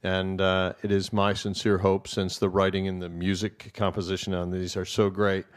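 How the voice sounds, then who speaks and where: A man's voice: low voice, monotone, moderate pace. A man who directs theater, speaking casually to an audience and rambling with lots of fillers and restarts.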